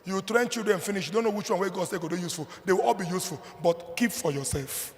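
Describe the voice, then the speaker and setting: Emphatic high-voiced Nigerian preacher, reverberant hall. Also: male voice, fast talker. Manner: emphatic preaching, swinging between loud declarations and low asides. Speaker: pastor. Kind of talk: sermon.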